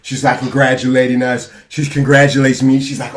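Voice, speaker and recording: A young man telling a story to his vlog audience in an animated, self-hyping way. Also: mid-range voice, fairly quick, few pauses. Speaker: vlogger. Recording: roomy echo, distant mic.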